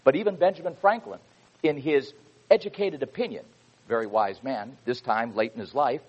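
A man's voice: mid-range voice, moderate pace, husky, lo-fi sound. A man preaching a sermon from the pulpit, speaking emphatically and reading quotations with rising fervor.

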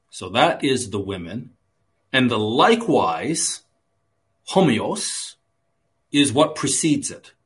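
Lively preaching man with swinging emphasis. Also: mid-range voice. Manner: expository teaching with dramatic emphasis swings. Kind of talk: sermon.

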